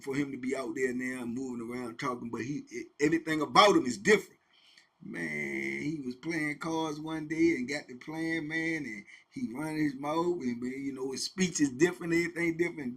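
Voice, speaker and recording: A middle-aged man casually telling a prison story, animated, with sound effects and quoted voices. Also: on the high side, vocal fry, slightly rough. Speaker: host telling prison stories.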